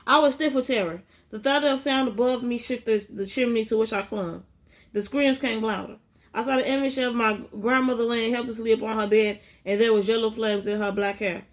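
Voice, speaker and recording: An adult woman who has a child reads a memoir aloud in a fairly high voice, at a fairly quick pace with fairly even intonation. Her delivery is unpolished, full of stumbles and restarts, so it sounds like a casual read-aloud at home rather than professional narration.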